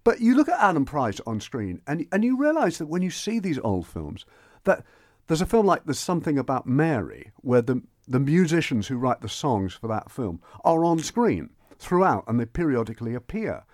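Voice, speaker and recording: A man chatting enthusiastically on radio as a film reviewer, animated and prone to quick restarts. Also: a little high, no room sound, studio quality. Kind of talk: radio chat.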